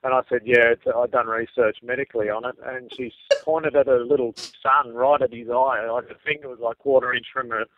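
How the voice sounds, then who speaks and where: A man's voice: medium pitch, steady tone, fairly quick, few pauses, slight background noise. Australian male caller, laid-back and dry, dull phone-line sound. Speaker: caller, comedian. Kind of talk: casual phone-in chat.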